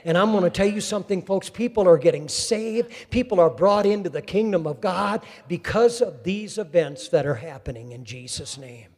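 A male preacher with a notably high voice delivers a fervent sermon, calling out to his congregation. His words ring out with a long reverb trailing behind them in a hall. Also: expressive, normal speed, few pauses, a little mellow.

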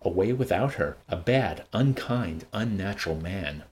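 A man hosting a show and reading a novel aloud in an expressive, varied voice. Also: sits low, unhurried.

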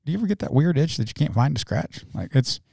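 A man co-hosts a church podcast in loose, joking conversation. His voice is mellow and relaxed, with playful leaps in pitch. The sound is dry and close. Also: gravelly, dry recording. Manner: jokey and animated, quick pitch jumps. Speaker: podcast co-host, church staff. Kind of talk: casual chat.

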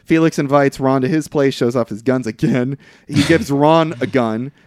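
A man's voice: medium pitch, moderate pace, darkish tone, no room sound. Rambling man recapping a movie, dry sound. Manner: loose, rambling recap with frequent fillers and profanity. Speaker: podcast co-host recapping a film. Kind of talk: casual chat.

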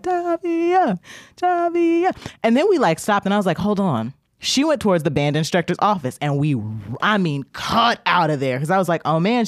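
A young woman, a podcast guest, telling a long story in casual chat, animated and profane, acting out the people she quotes. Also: fairly low pitch, no echo, studio quality.

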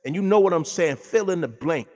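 A man rants through a heated, profanity-filled talk-show monologue. His voice sits a little high for a man. It carries a long, reverberant room sound. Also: lively intonation, a little fast, darkish tone. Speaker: radio show host.

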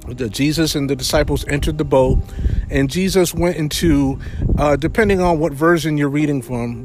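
A man preaching a sermon in a conversational way, retelling a Bible story with frequent fillers. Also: on the high side.

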